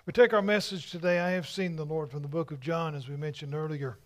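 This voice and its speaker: A male pastor preaching a sermon in a conversational way, often checking in with "right?" and dropping to a hush for quoted words. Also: fairly high pitch, fast talker. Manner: drops to a hush for quoted words, rises for emphasis.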